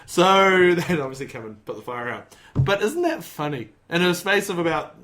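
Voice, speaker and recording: A man's voice: sits high, sing-song, normal speed, fairly bright tone. A man hosting a casual podcast chat, telling stories in a rambling, joking way. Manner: jokey, rambling storyteller who slips into mock voices. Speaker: podcast host.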